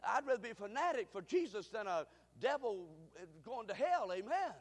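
High-voiced preacher in a hall. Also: male voice, big pitch swings, normal speed. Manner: emphatic call-and-response preaching, rising to shouts. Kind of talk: sermon. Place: church sanctuary. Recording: reverberant hall.

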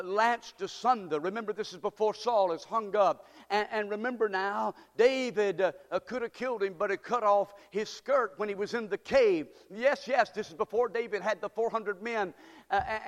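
Male pastor, high-pitched, fervent sermon with shouted call-and-response, echoing church hall.

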